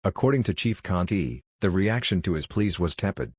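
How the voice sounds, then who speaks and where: A man reading a government report aloud in a steady, measured way. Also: low-pitched, husky, no echo, clean studio sound. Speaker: report reader.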